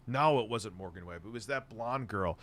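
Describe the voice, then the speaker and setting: A man's voice: fairly low pitch, moderate pace, dry recording. A man in his forties hosting, talking in rambling, crude jokes with stammering restarts. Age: 40s. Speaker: show host. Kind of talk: casual chat.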